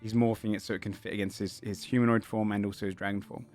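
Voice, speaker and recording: A man's voice: on the low side, little pitch movement, fast talker, a little mellow, faint music behind. A man narrating a tabletop game as game master, describing scenes in a rambling way full of fillers.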